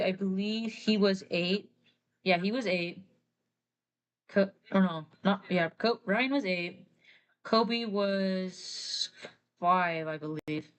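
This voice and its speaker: A woman artist on a live stream, explaining story lore in a chatty, rambling way, often correcting herself. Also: medium pitch. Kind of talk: casual live-stream chat.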